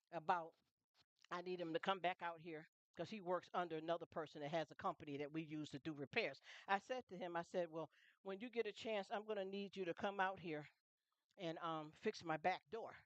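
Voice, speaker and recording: A woman's voice: lowish voice, fairly quick, no room sound, muffled recording. A middle-aged woman hosting a casual livestream chat, emphatic and repetitive, often asking her audience if they understand. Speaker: livestream host.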